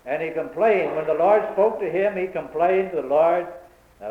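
A man's voice: fairly high pitch, moderate pace. A man preaching a sermon in an old-time cadence, building to fervent, emphatic peaks. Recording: tinny phone-like, echoey room.

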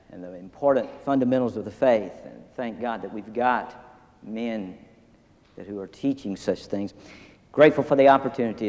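A man's voice: medium pitch, darkish tone. A man preaching a sermon in a folksy, earnest way, telling stories and reading scripture aloud in a seminary chapel. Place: seminary chapel, large hall. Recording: long hall reverb.

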